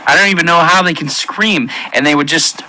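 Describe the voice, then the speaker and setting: A man giving an emotional personal testimony in an earnest, halting way, with many pauses and restarts. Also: a little high, pushed and bright, low-quality recording. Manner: intense, pleading delivery. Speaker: testimony speaker.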